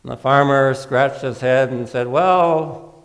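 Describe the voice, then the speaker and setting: A male pastor preaching a sermon in a church, in a conversational, gently humorous way. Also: mid-range voice, completely flat delivery, moderate pace, big-room sound.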